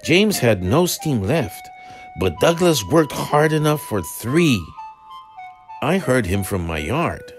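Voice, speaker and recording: A man's voice: medium pitch, big pitch swings, slow pace, soft background music, voice pushed up. A man voicing a kindly, loyal male steam engine who speaks earnestly. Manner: earnest, praising.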